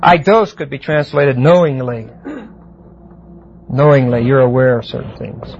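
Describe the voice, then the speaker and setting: A man's voice: mid-range voice, creaky, a little hiss or hum. Man teaching a Bible class on muffled tape. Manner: deliberate, explanatory, asks the class "see?".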